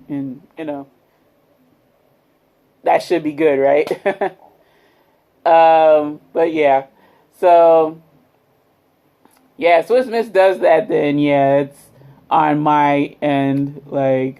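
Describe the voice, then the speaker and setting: A woman's voice: lowish voice, takes it slowly, long pauses, warm tone. A woman vlogger chatting casually through a drink review, rambling with lots of fillers and calling her viewers y'all. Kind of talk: casual product review chat.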